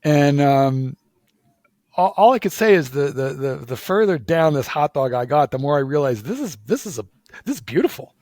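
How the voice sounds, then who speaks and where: A man from Philadelphia chatting casually in an interview, telling a lively story full of repeated "like"s and restarts. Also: fairly high pitch, normal speed, dry recording. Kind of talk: casual conversation.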